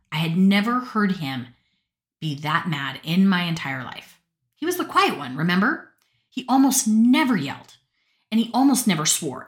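A woman from Utah telling personal stories from her notes in a chatty, rambling way, often breaking into laughter and asides. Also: on the low side. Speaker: podcast storyteller. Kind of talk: casual personal storytelling.

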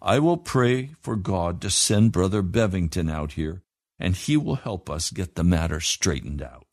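A caring but firm mother in a read-aloud story, as a male reader voices her in a calm, lowered tone. She talks slowly and steadily. The sound is dry. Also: dry recording, heavily acted. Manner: firm, gentle.

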